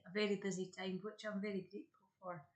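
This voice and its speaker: A woman co-hosting a casual live chat show, soft-spoken and tired. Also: medium pitch, flat delivery, quick pace. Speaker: chat show co-host, wellness therapist.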